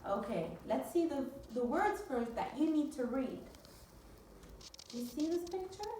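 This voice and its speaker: A woman teaching a phonics lesson to young children, with drawn-out, sing-song repetition drills. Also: sits high, lively intonation, warm tone, recorded from a distance, a little hiss or hum. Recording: very echoey room, voice from off-mic.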